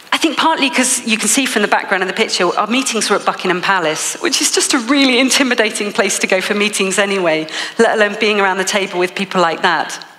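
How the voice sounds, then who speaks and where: A woman's voice: mid-range voice, bright, forceful tone, long reverb tail. A woman with an English accent giving a motivational keynote speech, telling a story with frequent laughs. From England. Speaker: motivational speaker.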